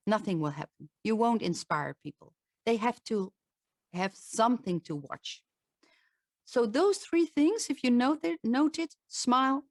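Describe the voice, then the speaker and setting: Slow-spoken Dutch-accented woman coach. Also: mid-range voice, no room sound, studio quality. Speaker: voice and presentation coach. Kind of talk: online talk and Q&A.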